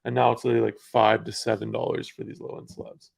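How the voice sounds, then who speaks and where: A young man hosting a podcast, chatting in a relaxed way with many fillers. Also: fairly low pitch, fast talker, creaky, slightly rough. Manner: relaxed, filler-heavy, lots of "like". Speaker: podcast host. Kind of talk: casual podcast conversation.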